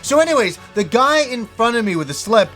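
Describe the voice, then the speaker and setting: Animated high-voiced man telling a story. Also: a little fast, soft background music. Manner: animated, acts out his own reactions in quoted asides. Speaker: host. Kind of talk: casual storytelling vlog.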